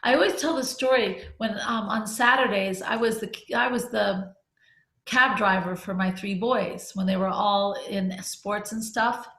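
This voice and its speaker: A woman's voice: medium pitch, fairly even intonation, a little slow, a bit bright. A middle-aged woman leading a group discussion, telling a personal story in a candid, conversational way. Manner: candid, conversational, with restarts and laughs. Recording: echoey room.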